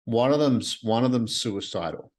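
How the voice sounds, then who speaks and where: With a medium-pitched, expressive, darkish voice at normal speed, a man talks by himself on his podcast at night from his apartment. The reflective monologue is earnest and rambling, with phrases often repeated.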